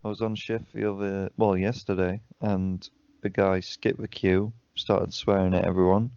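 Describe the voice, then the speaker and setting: A man's voice: low-pitched, flat delivery, moderate pace, creaky, a little mellow, no room sound. A man co-hosting a casual podcast over a video call, swearing and laughing often as he chats. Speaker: podcast co-host. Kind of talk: casual chat. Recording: dull lo-fi call audio.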